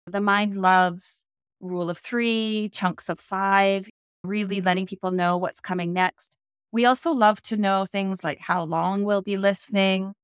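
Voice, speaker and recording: A woman who coaches public speaking, a guest on a podcast, explaining in a measured, instructive way. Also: medium pitch, steady tone, clean tone, no echo, clean studio sound. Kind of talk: podcast interview.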